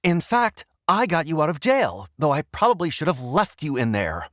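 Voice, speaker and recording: A man voicing a fierce young woman who shouts in cutting bursts in an audiobook. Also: deep voice, sing-song, very slow, no echo, clean studio sound, pitched above the performer's own voice, full character voice. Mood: furious.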